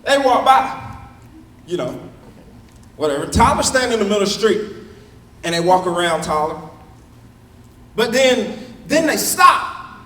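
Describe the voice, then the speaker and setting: A man's voice: high voice, moderate pace, long pauses. A young man doing stand-up, telling stories and acting out the people in them in shifting voices. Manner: animated, acts out characters in shifting voices. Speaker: stand-up comedian. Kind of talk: stand-up storytelling. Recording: roomy hall, mic at a distance.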